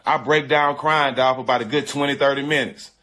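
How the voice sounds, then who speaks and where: A man's voice: mid-range voice, steady tone, fairly quick, pushed and bright. A man earnestly recounting a painful personal story in slangy, repetitive casual talk. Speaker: guest telling a personal story. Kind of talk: emotional storytelling.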